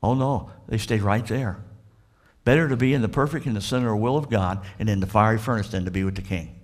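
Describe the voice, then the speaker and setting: A Southern-accented man preaching to his church with a fairly low voice. He tells the story with plenty of drama, slipping into the voices of the characters. It is a sermon delivered by a pastor. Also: brisk. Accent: Southern American. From Florida. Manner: animated storytelling preacher, acts out the characters' dialogue.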